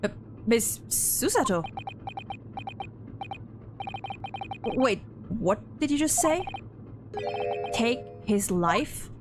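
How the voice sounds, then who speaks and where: Brief: dazed, flustered young male lawyer, played by a woman, higher pitched than usual. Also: very animated, slow, over music. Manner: bewildered, startled questions.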